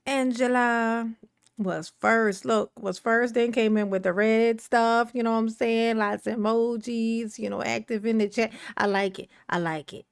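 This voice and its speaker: A woman hosts a casual livestream, greeting her chat one by one. Her voice sits a little high, and she talks slowly and playfully. The sound is dry and close. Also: steady tone, vocal fry, smooth, no room sound. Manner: playful, sing-song, greets chat viewers by name. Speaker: livestream host.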